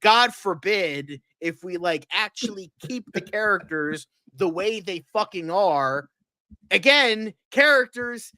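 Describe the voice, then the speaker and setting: A man's voice: sits high, lively intonation, takes it slowly, sharp tone, no room sound. Ranting, profane man on a dry mic. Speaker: co-host. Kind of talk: casual podcast chat.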